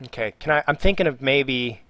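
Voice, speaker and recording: A man's voice: medium pitch, expressive, fairly quick, pushed and bright, no room sound. Joking man chatting on a live stream. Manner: jokey, reads viewer questions aloud; trails off and mutters while working. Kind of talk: casual live-stream chat.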